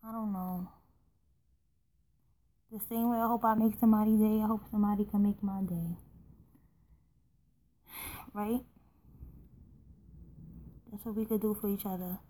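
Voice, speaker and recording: A young woman talks through her feelings on her own podcast. Her voice is mellow and dark-toned, with a flat, even delivery. She rambles earnestly with plenty of fillers, over a faint hum of background ambience. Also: medium pitch, a little slow, long pauses, low-quality recording. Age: young adult. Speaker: podcast host. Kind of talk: personal solo podcast talk.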